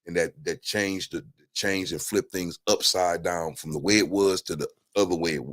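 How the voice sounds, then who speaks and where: A man's voice: deep voice, moderate pace. A man chatting casually about politics on a talk show, rambling with many restarts and fillers. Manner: animated storytelling. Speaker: guest.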